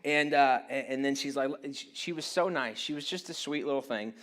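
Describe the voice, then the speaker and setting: A man's voice: mid-range voice, normal speed, fairly bright tone. A man in his late thirties preaching a sermon, telling a rambling, self-deprecating story with frequent restarts. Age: 30s. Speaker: pastor.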